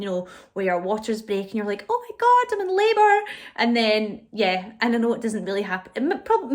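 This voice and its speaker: A young woman telling her own pregnancy story to camera, candid and emotional, with frequent fillers and restarts. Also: medium pitch. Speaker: vlogger.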